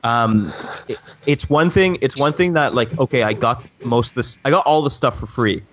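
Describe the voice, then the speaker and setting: A man telling a long story in casual chat with friends, rambling and animated with many restarts. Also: medium pitch, moderate pace, dull audio, slight background noise. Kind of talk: casual chat among drone pilots.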